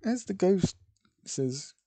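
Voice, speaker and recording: Slow, rambling young man telling a story. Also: sits high, very animated, mellow. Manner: rambling, self-correcting, hesitant. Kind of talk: improvised fan-fiction narration.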